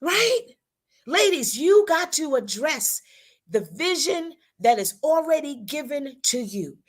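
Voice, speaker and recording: Woman, motivational talk-show host, high voice, very animated, preacherly, repeats herself. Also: takes it slowly. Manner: preacherly, repeats lines, acts out people's talk.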